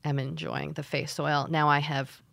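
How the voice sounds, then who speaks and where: Lower-voiced woman, rambling. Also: level tone, moderate pace, creaky, fairly bright tone, no echo, studio quality. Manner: rambling, stumbles over words. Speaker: podcast co-host. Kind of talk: casual chat.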